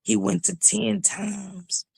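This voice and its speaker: Gravelly woman, emphatic. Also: medium pitch, level tone, slow, dark tone, no room sound, clean studio sound. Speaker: YouTube news commentator. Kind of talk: casual livestream chat.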